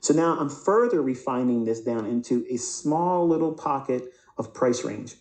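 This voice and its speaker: A man with a mellow, low-brightness voice gives a live trading lesson over price charts. He asks himself questions and answers them, and often stumbles over repeated words. The sound is roomy and echoing. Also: lively intonation, moderate pace. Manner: repeats words, restarts mid-sentence. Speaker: trading instructor.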